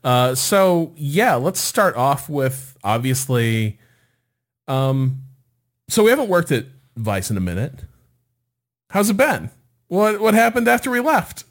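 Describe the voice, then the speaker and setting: Man, podcast co-host, lively pitch, easygoing, hesitant openers. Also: takes it slowly. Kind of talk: casual podcast conversation.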